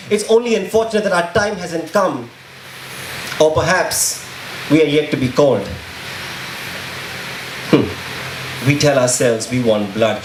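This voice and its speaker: A man's voice: high voice, slight background noise. A man performing spoken word poetry in a rhythmic, intense delivery, stressing words hard. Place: live poetry event. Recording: echoey room with faint ambience.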